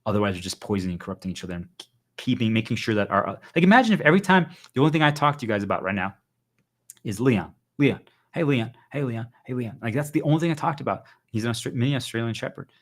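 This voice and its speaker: A man's voice: medium pitch, expressive, rapid-fire, a bit bright. A male livestreamer giving an urgent, insistent motivational monologue to his viewers, hammering points home with repeated phrases.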